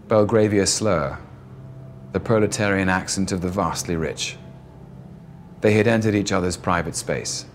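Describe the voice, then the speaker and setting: A man with a very low voice reads a novel aloud in an even, measured way. His narration moves steadily between the characters' lines. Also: a little hiss or hum. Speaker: audiobook narrator.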